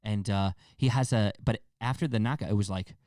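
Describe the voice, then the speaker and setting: A man hosting a casual solo podcast, talking in a rambling, loose way full of fillers and offhand swearing. His voice sits on the low side. The sound is dry and close, with no room echo. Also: a little fast, darkish tone. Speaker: podcast host.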